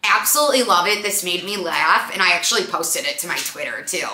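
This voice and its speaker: A young woman hosts a casual podcast, retelling a night out with lively, filler-heavy chatter. Her voice sits a little low but sounds bright and forward. The room around her has a noticeable echo. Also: brisk, a little hiss or hum. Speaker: podcast host. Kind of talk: casual storytelling chat. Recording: echoey room.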